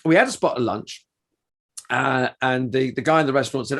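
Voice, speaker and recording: A man's voice: medium pitch, a little fast, a bit bright. A middle-aged man co-hosting a podcast, telling anecdotes in a casual, rambling way with many restarts. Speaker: podcast co-host and performer.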